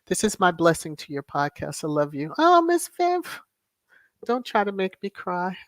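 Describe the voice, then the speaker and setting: A livestream host chatting casually, reading viewer messages aloud and repeating thanks and soft prayerful affirmations. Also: medium pitch, very animated, moderate pace, noisy background.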